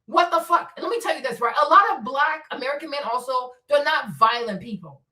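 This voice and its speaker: A woman's voice: high-pitched, expressive, quick pace, pushed and bright, reverberant, distant mic. A woman hosting her own commentary show, scolding bluntly with profanity and rhetorical questions. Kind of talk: opinionated solo commentary.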